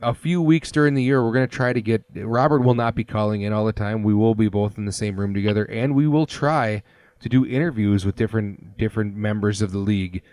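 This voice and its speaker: Low-voiced man hosting a casual podcast. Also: brisk, darkish tone, no echo. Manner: rambling storyteller with many fillers. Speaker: podcast host. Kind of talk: casual chat.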